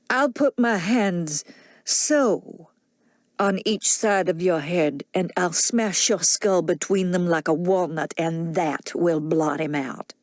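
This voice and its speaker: A drunken husband with a slow, sneering drawl, as a woman reader puts him on. His voice sits low and unhurried, full of mockery. The audiobook recording is dry and close. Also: dry recording. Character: drunken mocking Southern gentleman, menacing husband.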